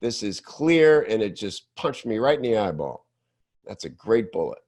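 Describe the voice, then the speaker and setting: A man hosting a podcast, giving an animated, emphatic teaching monologue with casual swearing. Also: on the low side, moderate pace. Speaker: podcast host.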